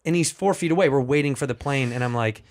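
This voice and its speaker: A man's voice: mid-range voice, fast talker, slight background noise. A male comedian guest in casual podcast chat, telling stories animatedly with lots of laughter and swearing. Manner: animated, laughing storyteller, profane.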